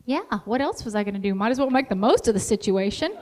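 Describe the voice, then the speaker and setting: A woman voicing her calm, dry-humored older father in a matter-of-fact, unhurried way as she tells a story. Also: medium pitch, in a large hall, lightly acted.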